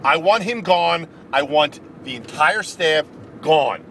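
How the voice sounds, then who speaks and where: Angry ranting man, lively high voice. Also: takes it slowly, a little hiss or hum. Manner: angry, emphatic, repetitive. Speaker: video blogger. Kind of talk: ranting sports commentary to camera.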